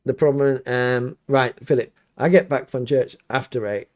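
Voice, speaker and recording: Vicar guy chatting live from his home studio, loose and rambly, full of fillers, ordinary middle pitch. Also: normal speed, a little mellow. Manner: rambling, many restarts and fillers. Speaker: priest hosting a livestream. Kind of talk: casual live Q&A chat.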